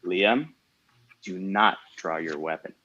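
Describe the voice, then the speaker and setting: A man voicing a calm, serious male vampire lord who speaks in a formal, courteous way. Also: sits low, takes it slowly, no echo, highs cut off, exaggerated voice.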